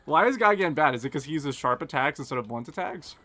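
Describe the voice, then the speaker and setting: A young man, streaming a game live and chatting casually and quickly with his viewers, joking at his own expense. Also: fairly high pitch, lively intonation, pushed and bright. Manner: fast, casual, self-deprecating chatter. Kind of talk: live gameplay commentary and chat Q&A.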